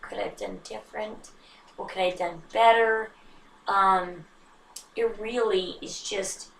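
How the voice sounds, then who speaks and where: A woman's voice: medium pitch, recorded from a distance, slight background noise. Chatty woman in an echoey room. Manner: chatty, self-mocking, animated with sudden hushed asides. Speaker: vlogger. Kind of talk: casual chat to camera. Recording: roomy echo, slightly off-mic.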